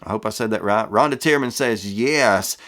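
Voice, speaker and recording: A man's voice: lowish voice, normal speed, fairly bright tone. A middle-aged man from the American South reading viewer comments in a casual, folksy way and stumbling over names.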